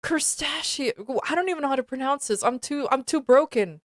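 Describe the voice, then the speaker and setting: A woman's voice: high-pitched, brisk, no echo, clean studio sound. A young woman streaming, reading aloud and reacting in disbelief while often breaking into giggles. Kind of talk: casual live-stream reading commentary.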